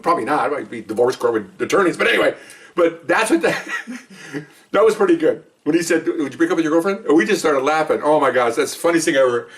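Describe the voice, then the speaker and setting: Animated, fast-talking man telling stories. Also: on the high side, distant mic. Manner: animated, acts out both sides of phone calls, laughs often. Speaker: podcast co-host, retired cop. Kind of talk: casual storytelling.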